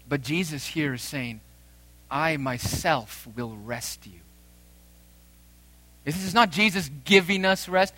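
A man in his thirties preaching a sermon as pastor, emphatic with dramatic pauses and rising swells. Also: on the high side, bright, forceful tone, no room sound.

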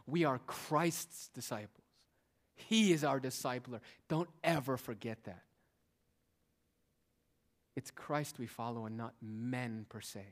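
A male pastor preaching a sermon in a church, swinging between quiet, hushed lines and raised, emphatic ones. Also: medium pitch, takes it slowly, long pauses.

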